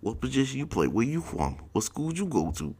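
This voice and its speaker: A man's voice: medium pitch, very animated, brisk, a little mellow, breathy edge, pitched above the performer's own voice. A man voicing a brash young man with gold teeth, firing off questions in street slang. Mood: sizing up.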